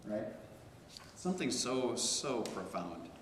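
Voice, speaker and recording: A man's voice: medium pitch, big pitch swings, slow, a bit bright. Male instructor, anecdotal and informal, recorded in an echoey classroom. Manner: storytelling, conversational with many restarts. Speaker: theology instructor. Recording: echoey hall, faint room noise.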